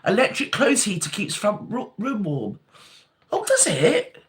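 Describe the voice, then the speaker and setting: A woman's voice: medium pitch, wildly swooping pitch, a little slow. An older woman, hosting a casual live chat, reading out viewer comments and calling them darling. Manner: chatty, calls viewers darling and sweetheart.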